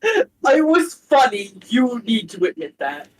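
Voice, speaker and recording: A woman at a tabletop game who teases her friends. Her voice sits a bit high and moves around a lot. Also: huge pitch swings, a little slow. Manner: teasing, amused. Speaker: player. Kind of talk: casual role-play chat.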